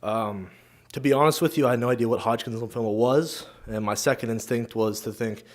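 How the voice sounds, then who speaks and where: A young man from the team steps up to speak at a banquet without preparing. He hesitates often and fills the gaps with "uh" and "um". His voice sits at an ordinary male pitch. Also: fairly quick. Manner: unscripted, hesitant with many fillers. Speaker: student football player. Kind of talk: unprepared banquet speech.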